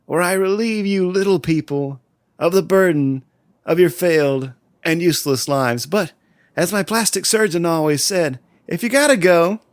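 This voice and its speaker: A man's voice: sits high, moderate pace, dry recording, clean studio sound, voice pushed up, lightly acted. A man voicing a gleeful, menacing male clown villain with a cackling showman's patter. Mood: gloating, ranting.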